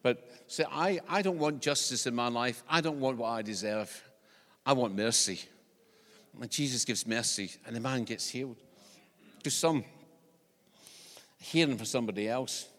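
A Scottish man preaches a sermon in a conversational, animated way and drops in joking asides. His voice sits at a middle pitch, and a long church reverb hangs behind every phrase. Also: moderate pace, long pauses.

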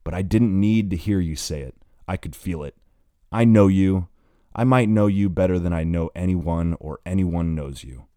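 A man's voice: low-pitched, normal speed, smooth, no echo, close to an everyday voice. A man reading the lines of an angry, heartbroken young man who has been drinking and swears bitterly. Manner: bitter, swearing, close to shouting.

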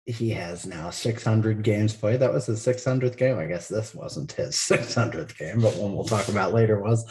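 A man with a somewhat low voice co-hosts a relaxed sports podcast. He walks through the night's plays one by one and breaks into laughter often. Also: normal speed. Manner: play-by-play recap, laughs often. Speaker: podcast co-host. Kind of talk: casual sports chat.

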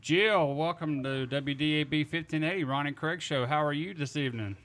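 Easygoing male radio co-host, crisp bright tone. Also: a little high, moderate pace, faint music behind. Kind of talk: casual radio talk.

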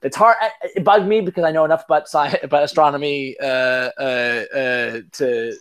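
A man's voice: medium pitch, moderate pace, fairly bright tone, clear, resonant tone. A man hosting a podcast in casual chat, telling rambling, self-mocking stories and swearing casually. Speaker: podcast host.

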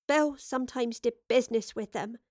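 A woman's voice: on the high side, moderate pace, darkish tone, no room sound, studio quality, lightly acted. Woman voicing timid, uneasy young survivor. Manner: timid, colloquial grammar.

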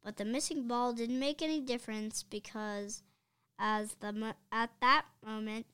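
A woman's voice: a little high, fairly even intonation, unhurried, pushed and bright, smooth, no room sound. Woman reading a children's book aloud. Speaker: reader.

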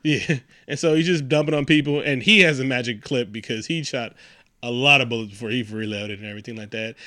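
A man recapping a movie in casual chat, animated and profane, acting out lines from the scenes. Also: medium pitch, fairly quick, no room sound, clean studio sound. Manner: animated, profane, acts out quotes in silly voices. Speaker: podcast co-host.

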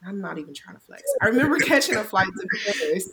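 An American woman in her thirties from Cleveland, hosting a casual podcast chat as an animated, emphatic storyteller who laughs often. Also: medium pitch, fast, gravelly, low-quality recording. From Cleveland, USA. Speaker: podcast host.

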